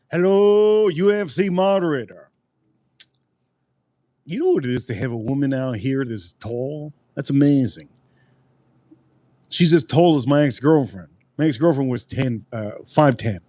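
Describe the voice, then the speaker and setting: A man reviewing drinks on a casual live stream rambles and repeats phrases while talking straight to his chat. His mid-range voice has a darkish tone, with no room sound.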